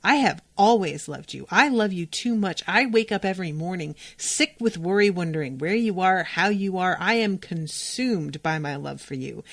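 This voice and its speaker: Woman doing a stern, devoted mother: low-ish, slow, emphatic. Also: animated, no room sound. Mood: stern, loving. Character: stern, fiercely loving older mother.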